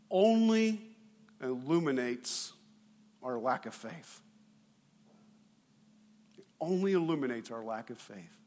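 A male pastor preaching a sermon in a playful, animated way, acting out voices. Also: medium pitch, takes it slowly, pauses often, in a large hall.

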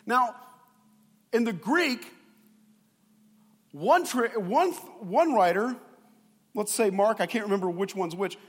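A male pastor preaching a sermon in a playful, animated way, acting out voices. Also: high voice, slow pace, pauses often, in a large hall.

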